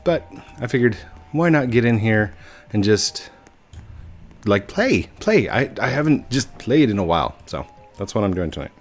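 A man's voice: lowish voice, very animated, moderate pace, long pauses, faint music behind. A man giving casual gameplay commentary, rambling with many fillers and restarts. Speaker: gaming video host.

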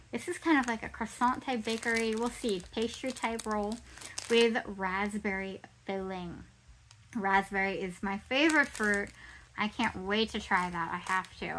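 A woman's voice: mid-range voice, fairly bright tone, a little hiss or hum, poor audio. A woman hosting an unboxing video, chatty and enthusiastic, reading product descriptions aloud with frequent wows and small self-corrections. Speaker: unboxing channel host.

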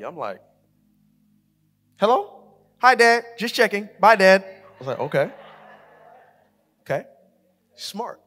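Male co-pastor, high and bright, very animated sermon delivery, long hall reverb. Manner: animated, acts out his daughter's voice, builds to shouting. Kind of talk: sermon with storytelling. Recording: live church hall reverb with music.

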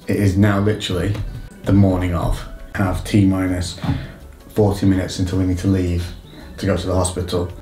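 A man's voice: deep voice, little pitch movement, brisk, mellow, soft background music. A young man, a fitness vlogger, answering viewer questions at home in an upbeat, chatty way. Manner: upbeat and chatty, laughs easily. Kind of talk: casual Q&A chat. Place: home, indoors.

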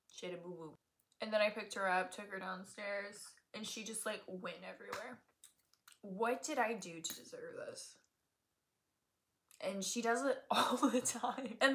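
Her voice sits at a medium pitch with a gravelly, fairly bright tone. She's a young beauty vlogger in her twenties, doing her makeup at home and recorded on a tablet camera, rambling casually and poking fun at herself with jokey asides as she gets ready.

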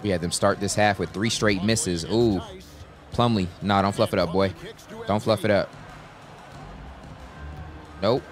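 A young man giving live commentary on his own basketball video game, talking to his teammates and shouting at big plays. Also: fairly low pitch, fairly even intonation, unhurried, long pauses, faint music behind. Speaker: gaming YouTuber.

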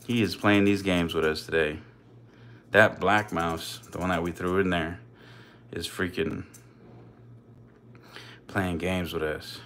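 Indoors beside his snake enclosures, a reptile keeper streams live, feeding his snakes while chatting casually to them and his viewers. His voice is deep and slightly bright, and his talk is slangy and full of swearing.

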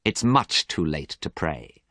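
A man reading a storybook, voicing a cruel, mocking young man who speaks slowly and hard. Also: a bass voice, big pitch swings, sharp tone, dry recording, studio quality, heavily acted. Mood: cold, cruel.

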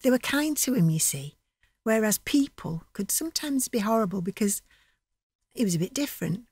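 A woman's voice: mid-range voice, expressive, normal speed, darkish tone, slightly rough, no echo, clean studio sound. A woman narrating a dramatic monologue in a chatty, vivid storytelling manner.

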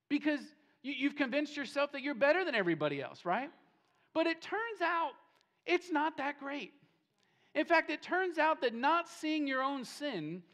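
Male pastor, sermon in a church; emphatic, repetitive, rising and falling delivery. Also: a little high. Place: church sanctuary.

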